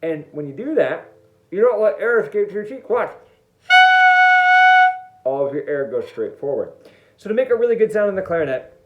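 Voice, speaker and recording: Upbeat male band teacher, jokey and demonstrative, fairly high voice, recorded in a dull, lo-fi room. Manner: playful and jokey, demonstrating step by step. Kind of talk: online music lesson. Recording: echoey room, dull lo-fi sound.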